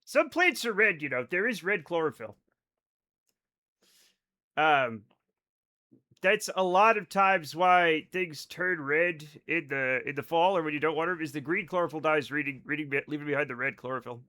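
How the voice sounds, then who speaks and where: A man livestreaming a space game, chatting casually with viewers, excitable and rambling with plenty of swearing. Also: on the high side, moderate pace. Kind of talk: casual chat with stream viewers. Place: home at night.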